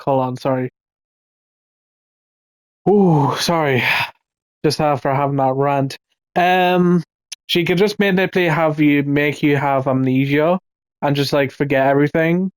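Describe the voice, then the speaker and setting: A man's voice: fairly high pitch, darkish tone, clean tone, no room sound. A man giving casual, ranting commentary in a rambling way, swearing often and restarting his sentences. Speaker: video commentator.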